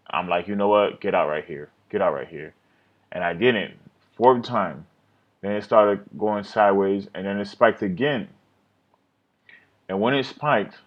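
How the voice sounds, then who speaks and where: A man with a very low, deep voice talks through his trades in a loose, rambling way, often scolding himself and swearing. The sound is dull and lo-fi, like a computer mic on a screen recording.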